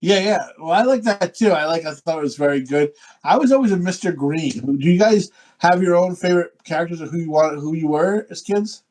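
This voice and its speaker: A man's voice: fairly high pitch, animated, brisk, a little mellow. A middle-aged man co-hosting a podcast in rowdy, crude chat, swearing freely, laughing often and mimicking movie lines over the top. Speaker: podcast co-host.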